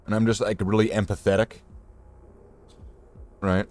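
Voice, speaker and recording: A man's voice: on the low side, level tone, measured pace, a little mellow. A man casually chatting while painting miniatures, rambling and joking at his own expense. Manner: rambling, joking, self-deprecating. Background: faint guitar music.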